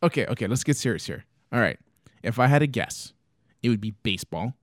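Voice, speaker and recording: A man's voice: mid-range voice, lively intonation, a little fast, no echo. Young man, casual chat, mid-range voice, easygoing, laughs often, dry sound. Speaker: podcast co-host.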